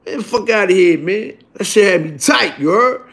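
A man telling a rough, profane story in a casual, animated way, punctuated by "you heard?". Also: high-pitched, moderate pace. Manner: animated, repeats "you heard?", bursts into shouting.

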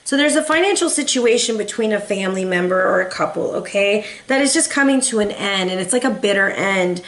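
A woman's voice: medium pitch, expressive, fairly quick, slight background noise. A woman in her thirties giving a casual, chatty tarot reading, emotional and full of rambling asides. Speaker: tarot reader. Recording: echoey room.

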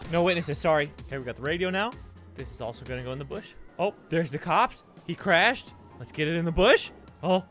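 A young man giving casual commentary while playing a game, excitable and quick to jump into high yells. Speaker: gaming streamer.

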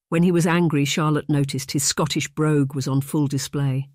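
A measured, even audiobook narrator reads a historical romance at an unhurried pace. The sound is dry and close, with no room around the voice, recorded on a close studio mic. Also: medium pitch, no echo. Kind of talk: scripted narration.

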